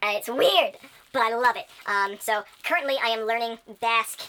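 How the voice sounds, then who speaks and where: A young woman talks in an easy, rambling way, full of ums and restarts, clearly excited about what she is explaining. Her voice sits a little high and rings very bright. It is relaxed, casual chat. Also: moderate pace. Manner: enthusiastic, rambling with many fillers. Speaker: channel host.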